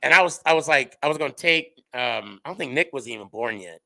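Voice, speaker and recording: A middle-aged man hosts a podcast in casual chat, telling stories with big swings in loudness and pitch. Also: animated, brisk, creaky, rough recording. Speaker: podcast host.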